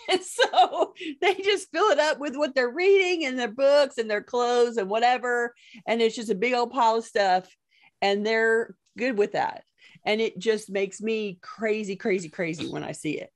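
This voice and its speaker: A woman podcast host and professional organizer, chatting casually, telling stories and laughing often. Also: medium pitch. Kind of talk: casual chat.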